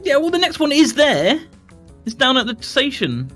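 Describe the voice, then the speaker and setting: An excitable man playing a casual multiplayer game with friends. His pitch leaps around as he gets worked up. He talks back to the game and to his mates in loose, animated chat. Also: normal speed, faint music behind. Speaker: host.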